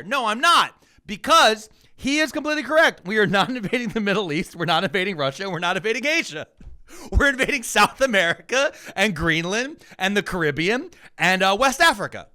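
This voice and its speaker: A man co-hosting a news podcast, with a bright, fairly high voice. His pitch swings widely as he rants, and he swears freely. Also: a little fast. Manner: animated, profane ranting. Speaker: podcast co-host. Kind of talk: casual news commentary.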